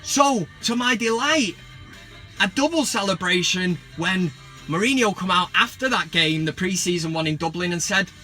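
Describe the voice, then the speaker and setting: A football vlogger delivers a casual comic rant, sarcastic and sweary with bursts of mock excitement. His voice sits high and moves at a moderate pace over soft background music.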